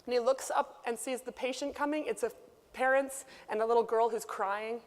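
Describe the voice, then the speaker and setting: Woman keynote speaker, high bright voice, lively and chatty, reverberant hall sound. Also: normal speed. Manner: lively, conversational, acts out quoted people. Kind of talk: conference keynote speech. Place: conference hall.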